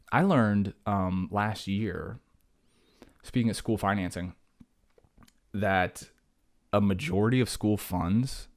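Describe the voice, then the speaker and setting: A man hosting his own podcast, rambling in a casual, jokey way and talking himself down from rants. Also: low-pitched. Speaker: podcast host. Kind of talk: casual solo podcast monologue.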